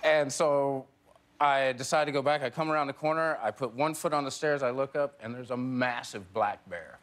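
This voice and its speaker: A man's voice: medium pitch, moderate pace, a bit bright. A man in his forties, a talk show guest telling a comic story and laughing through his punchlines. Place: TV studio with live audience.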